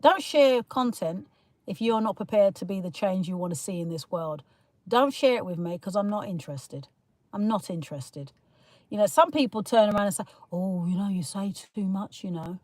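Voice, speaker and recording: A woman's voice: mid-range voice, animated, normal speed, a little mellow, no echo. A woman hosting a casual livestream, rambling through her opinions, laughing often and greeting viewers as she reads their comments. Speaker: livestream host reading chat comments.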